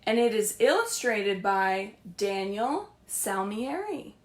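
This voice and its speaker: Slow, sing-song woman librarian reading aloud. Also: medium pitch. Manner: sing-song, animated storytelling with questions to kids. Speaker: children's librarian. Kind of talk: reading picture books aloud to children. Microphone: streamed live.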